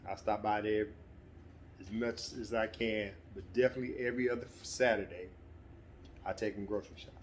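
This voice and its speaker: A middle-aged man with a somewhat low voice tells a personal anecdote in an easygoing, conversational way. He slips into livelier, more animated delivery now and then. A faint hum of ambient noise sits behind him. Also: fairly quick. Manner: relaxed, conversational, breaks into animated quoted voices. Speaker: storyteller. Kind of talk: casual spoken anecdote.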